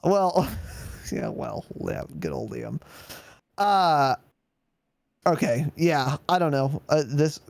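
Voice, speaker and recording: A man's voice: fairly high pitch, very animated, slow, gravelly, pauses often. A man co-hosting a gaming podcast in casual chat, sarcastic and swearing freely as he mocks corporate statements. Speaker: podcast co-host.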